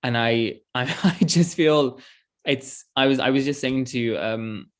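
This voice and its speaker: A man's voice: medium pitch, unhurried. A man in his twenties, an author, talking earnestly in a casual interview over a video call, often laughing and restarting his sentences. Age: 20s.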